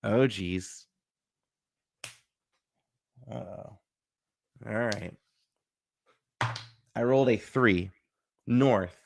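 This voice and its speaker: A man talks his way through a solo board game, explaining each move. His voice sits low with a gravelly edge. The delivery is chatty and loose, as if thinking aloud. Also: very slow, pauses often, darkish tone, a little hiss or hum. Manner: chatty, thinks aloud, acts out little bits.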